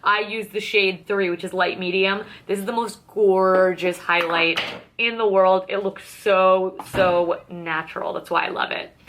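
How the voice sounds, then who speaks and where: Bright, sarcastic young woman vlogger. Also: mid-range voice, steady tone, a little slow, slight background noise. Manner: candid, sarcastic, swears freely, acts out both sides of dialogue. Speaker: beauty vlogger. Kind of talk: casual chatty get-ready-with-me storytelling.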